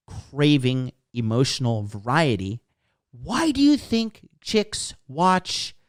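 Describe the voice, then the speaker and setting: A man's voice: medium pitch, smooth, no room sound, clean studio sound. A young man hosting a casual livestream as a dating coach, brash and profane as he lectures and reads comments.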